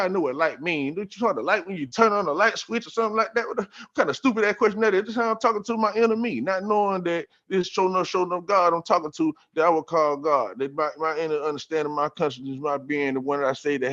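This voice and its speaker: A man on a podcast telling a story about scripture in a casual, profane, streetwise way, getting animated and repeating himself. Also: high-pitched, quick pace. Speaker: podcast guest. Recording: dull lo-fi sound.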